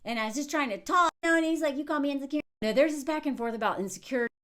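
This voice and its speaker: Animated high-voiced woman commentator. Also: rapid-fire. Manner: animated, quoting others in mocking voices. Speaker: commentator reviewing a reality show. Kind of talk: casual commentary.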